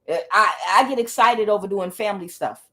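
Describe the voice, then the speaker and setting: A woman's voice: medium pitch, brisk, pushed and bright. A woman tarot reader in a casual monologue who tells her story bluntly, swears freely and repeats words for emphasis.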